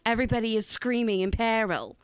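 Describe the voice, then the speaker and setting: A woman's voice: a little high, fairly quick, clear, resonant tone, lightly acted. A woman playing a melodramatic TV newscaster. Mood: mock-dramatic. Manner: over-dramatic breaking-news delivery. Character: mock-serious female TV newscaster.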